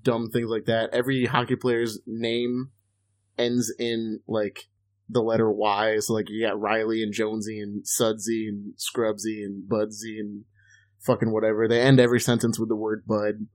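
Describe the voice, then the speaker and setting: A man's voice: fairly low pitch, completely flat delivery, moderate pace. A man chatting casually as a podcast co-host, rambling and swearing, with lots of fillers. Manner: rambling, profane, loose storytelling with lots of fillers. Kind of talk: casual chat.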